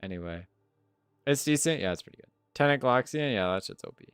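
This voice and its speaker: Animated, swearing male streamer. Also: medium pitch, fast, clear, resonant tone, no echo. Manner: swearing, animated, easily sidetracked. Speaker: live streamer answering chat. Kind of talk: casual live-stream chat.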